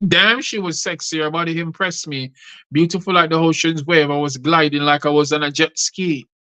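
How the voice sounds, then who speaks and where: A man's voice: fairly high pitch, steady tone, normal speed, pushed and bright. A man who hosts a show and recites his rhyming poetry in a rhythmic delivery. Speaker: poet and show host.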